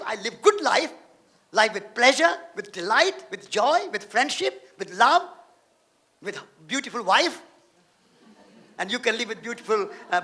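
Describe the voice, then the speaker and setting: A man lecturing from the stage with a strikingly high voice and a bright, forceful edge. He tells a story with emphatic repetition and builds long lists phrase by phrase. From India. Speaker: guest speaker. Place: lecture hall.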